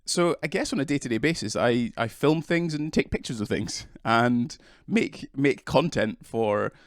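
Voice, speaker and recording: A man's voice: mid-range voice, lively intonation, measured pace, no echo, studio quality. A man with a British accent, a guest on a casual podcast, who has a cold and talks hesitantly with many restarts. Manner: hesitant, restarts often, self-deprecating. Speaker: interview guest, videographer.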